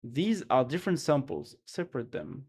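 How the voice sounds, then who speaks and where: A man streaming live, reading technical text aloud and thinking it over in a loose, halting way, with restarts and trailing asides. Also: on the high side, animated, gravelly, a little mellow, breathy edge.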